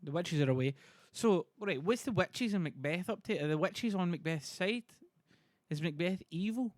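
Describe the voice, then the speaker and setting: A man's voice: high-pitched, animated, normal speed, dry recording. A man streaming casually, chatty and self-deprecating as he reads a play to viewers. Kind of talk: casual livestream reading.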